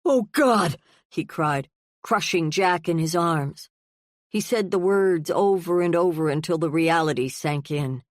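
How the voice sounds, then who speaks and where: A woman narrating an audiobook in a steady, even storytelling manner. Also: sits low, measured pace, no echo, studio quality. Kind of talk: scripted narration.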